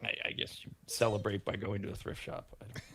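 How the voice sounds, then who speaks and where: A man's voice: on the low side, level tone, fast talker, background noise. A man hosting a morning radio show in a studio, chatting and reading out facts about the day. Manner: chatty, reads out the day's facts. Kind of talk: casual morning radio chat.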